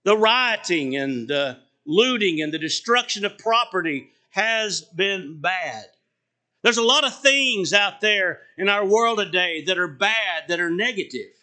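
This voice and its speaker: A man's voice: high-pitched, expressive, unhurried, sharp tone. A middle-aged male pastor delivering an emphatic sermon with rhetorical questions and phrase endings that trail off.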